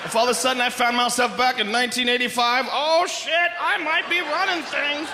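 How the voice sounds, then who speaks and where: A man performing a loud, animated stand-up set, often shouting, on a live comedy stage. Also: extremely high pitch, a little fast. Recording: echoey live venue with audience noise.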